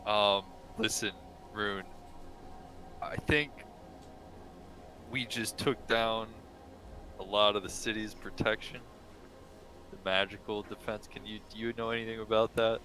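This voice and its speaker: A man's voice: fairly low pitch, fairly even intonation, unhurried, pauses often, bright, forceful tone, faint music behind. A man playing in a tabletop game, casual and a bit sheepish. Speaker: player.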